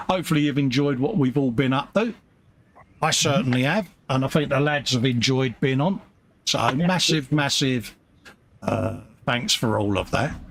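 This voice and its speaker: A British man hosting a casual live chat, his voice lively and rising and falling a lot, with a gravelly edge. He talks in an easygoing way and keeps calling people mate. Faint noise hums behind him. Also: mid-range voice. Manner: chatty, calls people mate. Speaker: host of live modelling stream.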